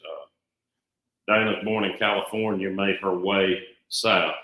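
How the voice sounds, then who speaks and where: A man's voice: low-pitched, fairly even intonation, measured pace, pushed and bright. A man in his forties from Alabama with a Southern US accent, co-hosting a live stream in an easygoing, friendly way with plenty of uhs. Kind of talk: casual live-stream chat. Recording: echoey room.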